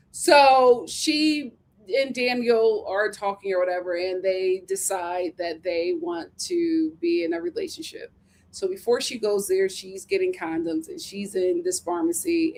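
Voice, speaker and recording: A woman's voice: mid-range voice, unhurried. Sassy woman recapping reality TV. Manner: sassy, animated, laughs often. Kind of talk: casual recap chat.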